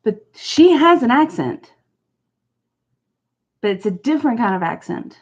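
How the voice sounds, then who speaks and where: A woman's voice: fairly high pitch, sing-song, measured pace, slightly rough. Chatty woman streamer, muffled audio. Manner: chatty, answering viewers one by one. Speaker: livestream host. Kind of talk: casual chat.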